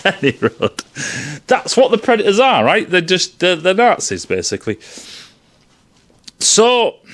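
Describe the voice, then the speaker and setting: A man's voice: a little high, fairly bright tone. Sarcastic, profane man. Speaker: film reviewer. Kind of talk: ranting casual film review.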